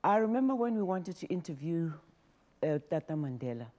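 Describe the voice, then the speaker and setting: An older woman from Africa, a former talk show host telling stories in an emotional, animated way as an interview guest. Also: fairly low pitch, a little fast. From South Africa. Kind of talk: interview, personal storytelling.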